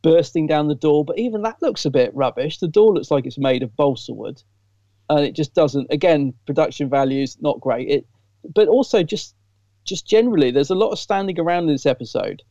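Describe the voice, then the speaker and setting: A man's voice: on the high side, expressive, fairly quick, mellow, no room sound, highs cut off. A man co-hosting a casual podcast chat, sharing candid, enthusiastic fan opinions. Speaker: podcast co-host.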